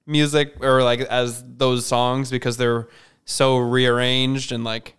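A man's voice: medium pitch, flat delivery, slow, fairly bright tone, smooth. A man co-hosting a podcast in casual chat, rambling and correcting himself, often laughing. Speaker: podcast co-host.

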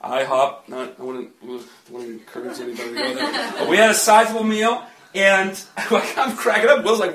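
A man's voice: high-pitched, steady tone, moderate pace, few pauses, a crowd in the background. A man preaching a sermon in a chatty way, often laughing and joking with the congregation in a church. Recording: echoey church from a distant mic.

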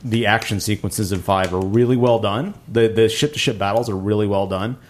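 A man's voice: fairly low pitch, fairly quick. A man co-hosting a podcast, chatting casually and giving enthusiastic, detailed fan commentary. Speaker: podcast co-host. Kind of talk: casual chat.

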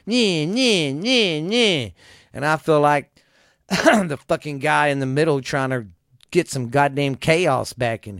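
A man's voice: a little high, dry recording, studio quality. A man, ranting angrily about politics to his viewers, swearing often and mimicking people he disagrees with. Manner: profane, exasperated, mocking voices of others. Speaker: vlogger. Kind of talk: angry political rant to camera.

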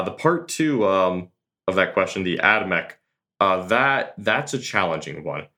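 A man's voice: low-pitched, a bit bright. A man being interviewed on a podcast, answering earnestly and thoughtfully, with many fillers and restarts. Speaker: guest tabletop tournament player.

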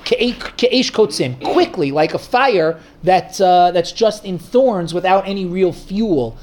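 A man's voice: high voice, lively intonation, takes it slowly, darkish tone. A man leading an informal Torah study class, thinking aloud frequent restarts and fillers. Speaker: Torah teacher.

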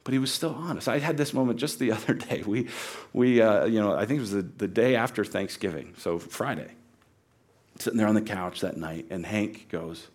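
A man preaching a sermon in an earnest, conversational way, dropping to a hush and then rising to loud, emphatic peaks. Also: on the low side, normal speed. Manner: swings from hushed, quiet delivery to loud, near-shouted emphasis. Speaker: pastor.

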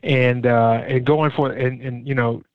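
Earnest pastor, muffled dry recording. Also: male voice, unhurried, no room sound. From Jacksonville, Florida. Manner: earnest, animated storytelling with frequent "man". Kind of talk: conversational interview. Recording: dull, dry low-fi sound.

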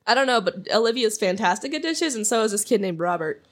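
A young woman co-hosts a casual chat podcast in a fast, expressive, medium-pitched voice. Her stories ramble, packed with fillers and restarts, and she giggles her way through them.

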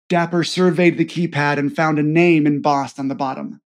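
A man hosting a podcast who narrates a spy story in a lively storytelling style. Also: fairly high pitch, moderate pace. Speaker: podcast host.

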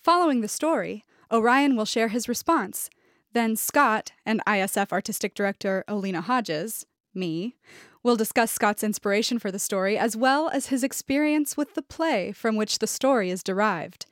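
Woman host with clear, measured announcements. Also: a little high, expressive, no echo, clean studio sound. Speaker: podcast host and artistic director.

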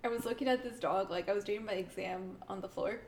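A woman's voice: mid-range voice, fast, slight background noise. A young woman co-hosting a podcast, telling clinic stories in casual chat, with lots of "like" fillers and giggles. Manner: relaxed, many "like" fillers, giggles. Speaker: podcast co-host, veterinary clinic worker.

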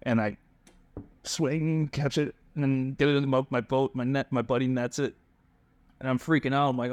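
A man from Hawaii, a pro bass angler, telling fishing stories as a guest in a casual, animated way with lots of fillers. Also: normal speed, dry recording. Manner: animated, full of fillers and restarts. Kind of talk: casual storytelling.

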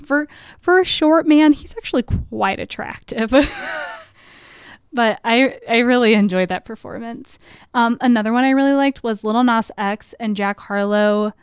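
A young woman talks in a loose, rambling monologue, sprinkling "like" everywhere and laughing often. Her voice is smooth and a little high. The studio sound is close and dry. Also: measured pace, dry recording. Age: young adult. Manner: chatty, filler-heavy with frequent "like", laughs often. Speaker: podcast host. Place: college radio studio.

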